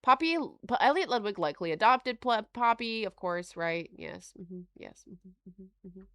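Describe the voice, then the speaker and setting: A woman hosting a live stream, reading notes aloud and reacting to chat with frequent laughter and animated asides. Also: mid-range voice, moderate pace, dry recording, studio quality. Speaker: livestream host.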